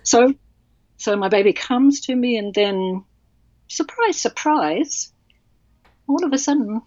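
A woman author telling a personal story in an interview, halting and emotional with many restarts. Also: on the high side, darkish tone, dry recording. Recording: dull, dry sound.

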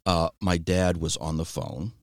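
A man with a low voice in casual chat, telling stories in a dry, self-deprecating way. He restarts sentences often. The sound is close and dry, with no room around it. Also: little pitch movement, a little slow, no room sound.

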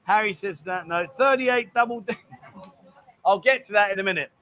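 Man, host, high voice, bright, chatty, teasing, reads comments. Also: normal speed. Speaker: bar show host. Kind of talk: casual livestream chat.

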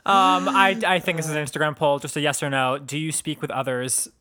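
A young man co-hosting a podcast, chatting casually in a jokey, animated way. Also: on the high side, a crowd in the background. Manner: animated, jokey, quick to laugh. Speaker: podcast co-host. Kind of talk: casual chat.

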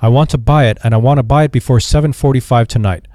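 A man's voice: mid-range voice, fast talker, dark tone, no echo, close to an everyday voice. Frazzled young ex-soldier at his wits' end, voiced by a male narrator, dry close read. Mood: urgent. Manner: exasperated, pleading. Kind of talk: audiobook character voice.

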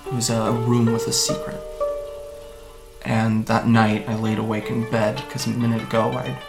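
A man playing a guarded, gravelly young man. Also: mid-range voice, level tone, over loud music, close to an everyday voice. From Japan. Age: 20s. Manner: hesitant, halting, wry. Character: guarded young man recounting fleeing home. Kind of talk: audio drama acting.

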